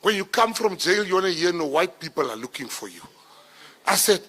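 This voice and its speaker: A middle-aged man with a South African accent delivers a keynote as a string of stories. His voice is bright and slightly high, and he slips into the voices of the people in his tales, swelling louder at the funny moments. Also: moderate pace, pauses often. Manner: animated storyteller, acts out dialogue, gets loud at punchlines. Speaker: minister giving a keynote speech. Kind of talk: storytelling speech to an audience.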